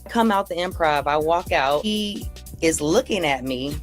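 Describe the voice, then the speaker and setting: Woman, comedian guest, lively storyteller, low voice, faint music underneath. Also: unhurried. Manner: animated storytelling, acting out what people said. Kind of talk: recounting a story in an interview.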